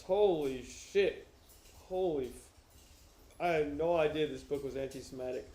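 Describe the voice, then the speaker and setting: A young man streaming from his couch, joking loudly and swearing as he chats with viewers and reads aloud. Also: a little high, normal speed, long pauses, roomy sound. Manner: loud, profane, joking. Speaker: streamer reading to chat. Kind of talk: casual livestream chat and reading aloud. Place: home, on a couch. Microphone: wearing headphones.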